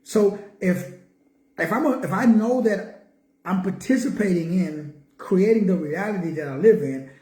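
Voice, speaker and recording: A man's voice: high-pitched, a little slow, dark tone. A man giving a spiritual teaching talk, driving points home with repeated questions and emphatic answers. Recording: roomy echo.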